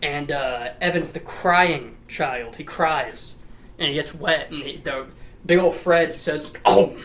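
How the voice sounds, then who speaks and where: A woman's voice: sits low, slow pace, fairly bright tone, low-quality recording. A woman rambling through a profane, comedic retelling of a story. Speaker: lore storyteller.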